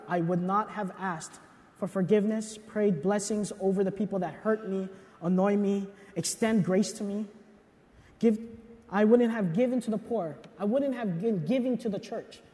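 A young adult man preaching a sermon in a casual, confessional way, with animated asides and personal stories. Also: high-pitched. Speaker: pastor. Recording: long hall reverb.

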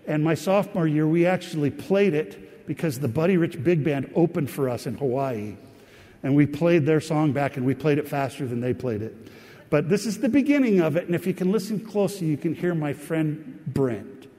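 A man telling a rambling personal story to an audience, pausing often. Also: on the high side, animated. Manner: warm, rambling anecdotal storytelling with pauses. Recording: long hall reverb.

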